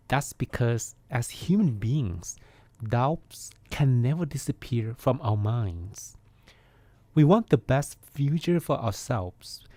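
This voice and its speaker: A man, a Buddhist monk, hosting a podcast and giving a calm, reflective meditation talk. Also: mid-range voice, dry recording.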